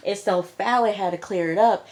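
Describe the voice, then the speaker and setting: A woman casually recapping a reality show episode in an animated, chatty way, stressing her points with an emphatic "okay?". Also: mid-range voice, normal speed. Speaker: TV reviewer.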